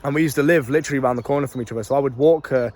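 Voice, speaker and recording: A man's voice: mid-range voice, rapid-fire, a little mellow. A young man with a British accent, telling stories to camera in a casual way, swearing freely and using street slang. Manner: brash, laughs at his own stories. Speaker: life coach.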